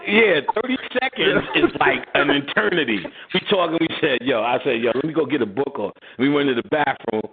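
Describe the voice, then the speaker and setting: Brisk and barely pausing, a mid-range male radio host laughs his way through a slangy, animated story, voicing the people in it. The audio is a tinny, phone-like line with noticeable noise.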